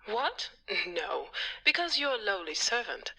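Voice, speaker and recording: A woman's voice: on the high side, very animated, unhurried, sharp tone, husky, full character voice, low-quality recording. An actress voicing a snobbish female psychiatrist who puts on a German accent and talks down to servants. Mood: haughty. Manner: haughty, condescending. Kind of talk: video game voice acting.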